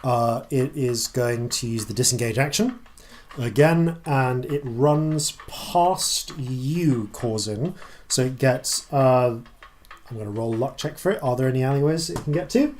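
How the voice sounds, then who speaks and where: A man runs a tabletop game as dungeon master, talking at an ordinary middle pitch. He works through the rules out loud, stopping and restarting often. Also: unhurried, slight background noise. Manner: explains rules at length with many ums and restarts.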